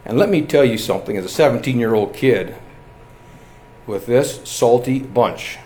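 A man's voice: medium pitch, lively intonation, moderate pace, a little mellow, a little hiss or hum. A middle-aged man preaching a sermon, earnest and building to emphatic exhortation. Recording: echoey room.

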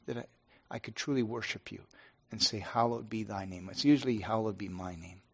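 A middle-aged pastor speaking earnestly and haltingly to his congregation, with many restarts. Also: on the low side, a bit bright, husky. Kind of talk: informal devotional talk to a congregation.

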